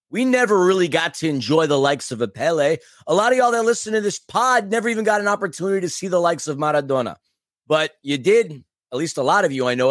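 Emphatic high-voiced man. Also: a bit bright, no echo, studio quality. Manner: emphatic, opinionated fan talk. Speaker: podcast co-host. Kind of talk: casual chat.

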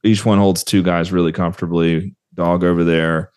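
A man hosting a casual interview, leading the guest with relaxed, drawn-out prompts. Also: sits low, clear, resonant tone, dry recording, clean studio sound. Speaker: podcast host.

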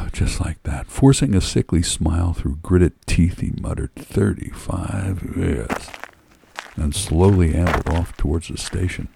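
Deep gravelly male storyteller. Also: normal speed, hardly any pauses, mellow. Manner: wry first-person storytelling. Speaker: narrator. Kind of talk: reading a story aloud.

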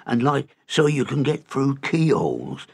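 A man voicing a huge, suspicious innkeeper who booms and roars in a storybook reading. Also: very animated, measured pace, vocal fry, a little mellow, breathy edge, full character voice. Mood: angry. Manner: booming, roaring. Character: enormous angry innkeeper man, booming and suspicious.

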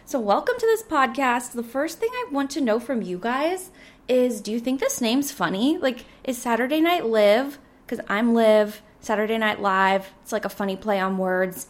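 A young woman in her twenties hosts a casual solo podcast, rambling cheerfully with plenty of filler words. Her voice sits a little high and sounds slightly hoarse, as if she is losing it. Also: animated, moderate pace. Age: 20s. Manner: rambling, chatty, full of "like" fillers. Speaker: podcast host.

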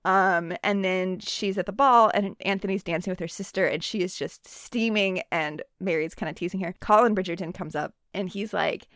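A woman co-hosting a casual book chat, retelling scenes with quick acted asides. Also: medium pitch, a bit bright, dry recording, studio quality. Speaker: podcast co-host.

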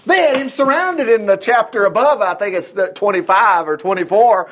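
A man's voice: sits high, normal speed, a little hiss or hum. A man teaching a Bible story informally, acting out the characters and joking as he goes. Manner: animated storytelling, acts out voices, jokes and chuckles.

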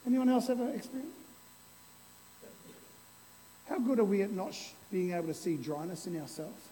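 Brief Male pastor, energetic sermon, slightly higher voice, long church reverb, faint room hum. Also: fast. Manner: lively and playful, with an object lesson. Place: church hall before a congregation.

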